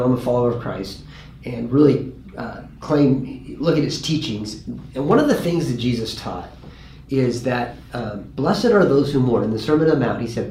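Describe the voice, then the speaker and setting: A pastor telling a story in a conversational way, earnest, and lively when he quotes people. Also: mid-range voice. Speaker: pastor and grief guest. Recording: roomy with faint ambient noise.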